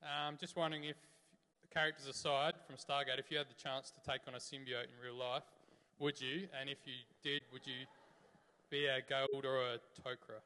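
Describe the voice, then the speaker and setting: A man's voice: mid-range voice, little pitch movement, normal speed, sharp tone. A man asking a fan question at a convention panel, hesitant and tentative. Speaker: audience questioner. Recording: audience mic in a reverberant hall.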